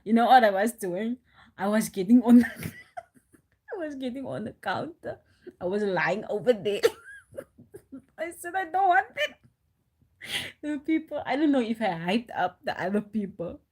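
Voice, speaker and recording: A woman talks casually on a live stream, spinning animated, rambling stories full of restarts and laughter. Her voice sits at a middle pitch for a woman, and she speaks into a phone. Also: unhurried, long pauses, husky. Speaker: livestreamer.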